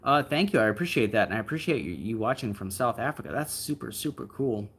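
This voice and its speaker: This livestream host talks fast and sounds animated, with a medium-pitched, fairly bright voice. He answers viewer comments in a relaxed, meandering way, dropping in lots of fillers and side remarks, and there's a little background noise.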